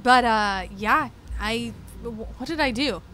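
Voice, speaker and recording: A woman's voice: fairly high pitch, a little slow, a crowd in the background. A young woman from California talking casually as a podcast guest, rambling with lots of fillers. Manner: chatty, many fillers like "like" and "freaking". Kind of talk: casual chat.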